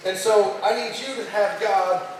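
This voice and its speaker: A man's voice: high-pitched, fairly even intonation, normal speed, slight background noise, lightly acted. A man playing an anxious king who pleads in casual slang. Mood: pleading. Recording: echoey hall, far from mic.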